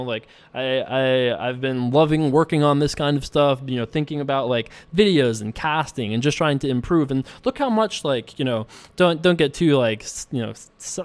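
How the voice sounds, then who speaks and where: Male poker host, casual and rambling, clear resonant voice, jokey asides. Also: mid-range voice, dry recording. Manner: rambling and playful, many fillers, frequent self-laughing asides. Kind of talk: casual commentary while playing online poker.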